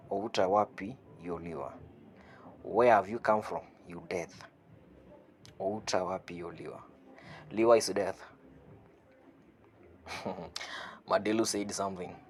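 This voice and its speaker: A man with a fairly low voice teaches phrases one at a time in an online lesson. He says each phrase slowly, repeats it and gives its meaning. He chuckles now and then as he explains. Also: a little hiss or hum. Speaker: language teacher.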